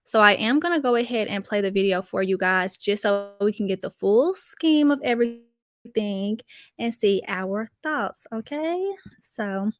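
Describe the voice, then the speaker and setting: A woman's voice: mid-range voice, measured pace, no echo. A woman hosting a casual live-stream commentary, chatting with her viewers and greeting them by name. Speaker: commentary channel host.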